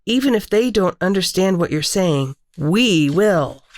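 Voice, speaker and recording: A woman voicing a kind grandfather in a storybook read-aloud, speaking softly and comfortingly. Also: lowish voice, lively intonation, unhurried, dry recording, studio quality. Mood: gentle. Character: kind older grandfather, gentle.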